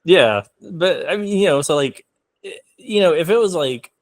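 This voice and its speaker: A man's voice: fairly high pitch, animated, normal speed. A young man talking casually as a film guest in an interview, rambling with many fillers. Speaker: filmmaker guest.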